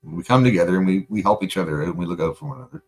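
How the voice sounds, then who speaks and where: Racing along in a deep, gravelly, darkish and expressive voice, a Canadian man hosts a livestream, responding to chat with heated, rambling talk packed with swearing and fillers.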